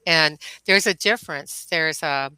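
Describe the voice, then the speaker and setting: A middle-aged woman from the Detroit suburbs, a chiropractor and healer, telling stories in a relaxed podcast chat and acting out both sides of the dialogue. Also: deep voice, unhurried, clean tone, no echo, poor audio. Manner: animated, acts out quoted dialogue, laughs often. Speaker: guest, chiropractor and intuitive healer. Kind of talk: casual podcast storytelling.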